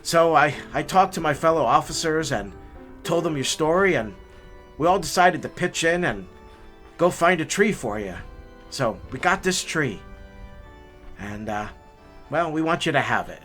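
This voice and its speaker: A man voicing a caring police officer who speaks gently and hesitantly. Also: on the high side, animated, normal speed, long pauses, faint music behind. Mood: gentle. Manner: hesitant, gentle, with many uhs. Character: soft-spoken, caring male police officer.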